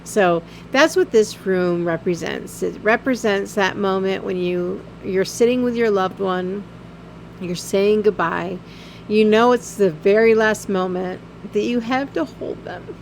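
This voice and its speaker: A woman narrating her gameplay video in a halting, heartfelt way, full of ums and visibly emotional. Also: medium pitch, slight background noise. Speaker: game video creator. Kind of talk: casual voice-over narration of gameplay.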